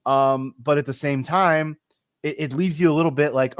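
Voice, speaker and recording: A man co-hosting a casual football podcast, talking in a measured, analytical way with frequent restarts. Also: mid-range voice, animated, no room sound, studio quality. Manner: measured, analytical, stumbles over repeated words. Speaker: podcast co-host.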